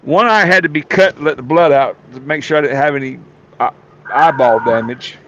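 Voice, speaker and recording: A man's voice: a little high, fairly quick. A man telling rowdy stories in a folksy drawl, peppered with cursing. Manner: folksy drawl, colorful profanity. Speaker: storyteller on a talk show. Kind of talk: casual storytelling. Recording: dull lo-fi sound, faint room noise.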